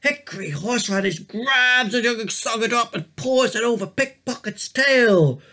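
A man reading his picture book aloud, expressive and animated. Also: very high voice, moderate pace. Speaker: storyteller.

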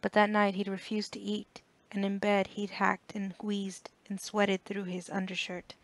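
A woman's voice: mid-range voice, completely flat delivery, measured pace, dry recording, natural voice. A woman voicing a frightened, guilt-ridden mother with a shaky, anxious voice in an audiobook. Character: worried, frightened middle-aged mother.

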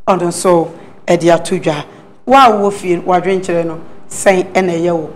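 A woman's voice: on the low side, slight background noise. A woman interviewer addressing viewers at home and asking them direct questions.

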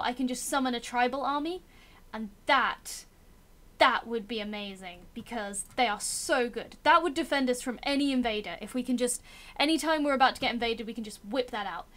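A woman's voice: a little high, moderate pace. A young woman giving casual, self-mocking commentary as she plays a strategy game and talks to its characters. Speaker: gameplay commentator.

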